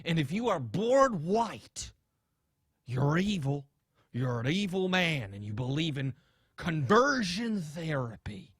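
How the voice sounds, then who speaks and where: A man doing an impression of a smug, preachy middle-aged TV science-show host, lecturing in a slow, deadpan way. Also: on the high side, slightly rough, dry recording, studio quality, exaggerated voice. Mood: mock lecturing. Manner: slow mock-lecturing, deadpan absurd claims. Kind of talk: comedic impression.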